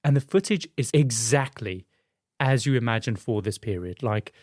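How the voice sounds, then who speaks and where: A man casually telling a story to a friend, animated and chatty, with frequent fillers. His voice sits mid-range, and the sound is close and dry with no room around it. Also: mid-range voice, moderate pace, no echo. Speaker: podcast host telling a story.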